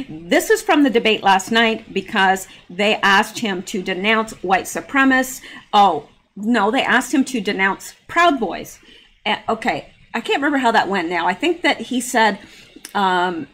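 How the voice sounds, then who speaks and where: A woman's voice: medium pitch, a bit bright. A woman giving casual, opinionated commentary while reading news posts aloud, chatty, with asides and laughs. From Canada. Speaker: political commentary vlogger.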